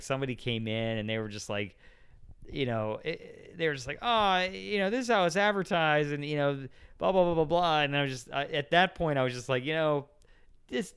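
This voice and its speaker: On a podcast, a male guest with a smooth, medium-pitched voice chats casually, spinning rambling stories about his old jobs. He acts out the voices of customers and callers as well as his own.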